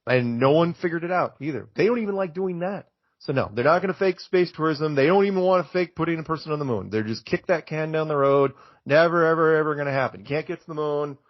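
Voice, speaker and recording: A man talking as a podcast guest in an animated, emphatic way, getting worked up as he makes his case. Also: a little high, fast, dry recording. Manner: excitable, emphatic, gets worked up. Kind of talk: animated conversational rant. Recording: dull lo-fi, dry audio.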